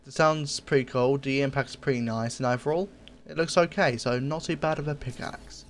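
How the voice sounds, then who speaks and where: A man with a voice of ordinary, middle pitch talks casually through a review of game cosmetics. He is laid back and rambling, trailing off and filling gaps with ums and uhs as he thinks aloud. Faint background noise sits under his voice. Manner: easygoing and rambling, often pausing with fillers. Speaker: gaming video creator.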